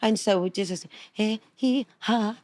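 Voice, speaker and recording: A middle-aged woman, a singer being interviewed, tells animated stories and keeps breaking into laughter. She slips into little voices and sung scales as she goes, at an ordinary middle pitch. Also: unhurried. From England. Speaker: singer, guest. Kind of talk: interview storytelling.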